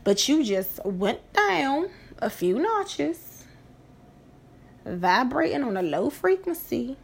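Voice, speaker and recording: Slow, gravelly woman ranting. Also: high-pitched, very animated. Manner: profane, emphatic, repeats phrases for effect. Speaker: podcast host. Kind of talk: casual monologue.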